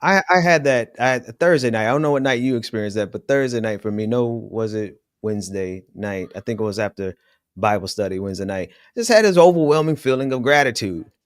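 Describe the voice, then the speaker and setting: Host, male, mid-pitched, articulate and impassioned, dry sound. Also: expressive, brisk, smooth, no echo. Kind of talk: casual chat.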